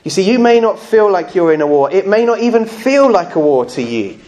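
High-voiced man preaching a sermon. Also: very animated, a little mellow. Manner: earnest, conversational, with slow emphatic phrases and light humour. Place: church service.

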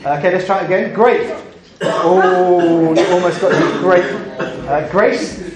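High-voiced, playful man preaching. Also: measured pace, a loud crowd. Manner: animated, playful, coaxing the congregation to join in. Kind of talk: interactive children's talk in church. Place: church. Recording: echoey church room.

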